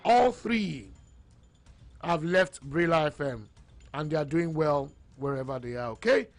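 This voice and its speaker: High-voiced sports radio host. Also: male voice, expressive. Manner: brisk, reads listener comments aloud. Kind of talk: live radio sports talk with callers.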